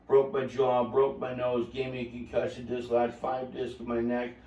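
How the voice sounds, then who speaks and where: A man hosting a podcast, telling a story in a lively, laughing way and acting out quotes. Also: mid-range voice, moderate pace, highs cut off. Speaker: podcast host. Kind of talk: casual storytelling chat. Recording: roomy, distant mic.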